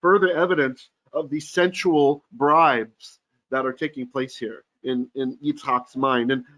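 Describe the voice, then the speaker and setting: A rabbi leads an informal online class on a Torah portion, chanting Hebrew verses and translating them in casual, joking talk while often clearing his throat. His voice is medium-pitched, steady, a bit bright, and unhurried.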